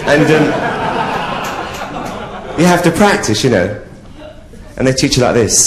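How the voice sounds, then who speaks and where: A man's voice: medium pitch, sing-song, a little slow, background noise. A man doing live drag stand-up comedy, bawdy and camp, laughing at his own jokes on a theatre stage. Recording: echoey theatre with audience ambience.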